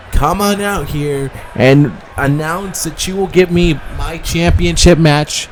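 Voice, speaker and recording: A man's voice: fairly high pitch, a little hiss or hum, close to an everyday voice. A man playing a haughty wrestling diva. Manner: sneering, whiny, insulting the crowd. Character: haughty entitled woman wrestler demanding a rematch.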